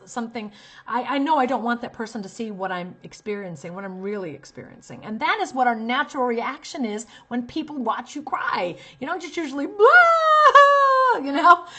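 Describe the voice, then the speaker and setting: A woman's voice: on the high side, fairly bright tone. A woman talent manager giving direct, emphatic advice to actors and acting out short examples as she goes. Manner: direct, talks straight to viewer.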